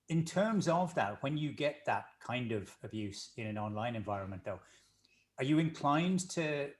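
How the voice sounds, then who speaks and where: A man hosting a sports business interview, asking thoughtful questions in a measured way with small restarts. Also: on the low side. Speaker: host.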